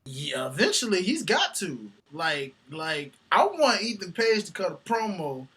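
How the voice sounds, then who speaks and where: A man co-hosting a casual wrestling chat, laughing often and breaking into loud impressions. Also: sits high, sing-song, measured pace, breathy edge. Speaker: podcast co-host.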